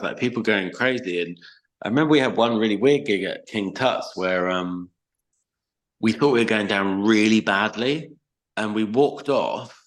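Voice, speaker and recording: Deep-voiced guy rambling through old tour stories, lots of "like" and "you know". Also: fairly bright tone, rough recording. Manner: chatty, swears freely, many fillers. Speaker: podcast guest, band frontman. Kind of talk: casual storytelling chat.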